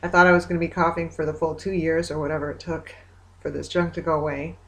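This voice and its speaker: A woman's voice: sits low, level tone, quick pace. A woman talking in a casual personal video diary, rambling as she retells conversations with many fillers, hopeful yet weary. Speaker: vlogger.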